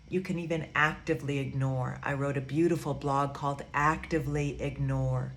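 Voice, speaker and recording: A woman giving a gentle, soothing teaching talk, repeating phrases softly as she guides her students. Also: extremely low pitch, fairly even intonation, a little hiss or hum. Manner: soft, slow, repetitive, soothing. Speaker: spiritual teacher.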